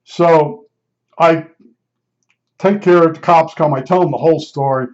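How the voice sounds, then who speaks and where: Older man, slightly higher voice, rambling blunt storyteller, dull lo-fi sound. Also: a little slow, darkish tone. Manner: rambling, repeats himself, blunt and emphatic. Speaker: podcast storyteller. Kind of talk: casual spoken storytelling.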